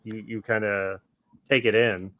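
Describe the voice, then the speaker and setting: A man from the United States co-hosting a podcast, laid-back and trailing off softly. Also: on the low side, level tone, a little slow, no room sound, dull audio. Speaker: podcast co-host. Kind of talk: casual chat.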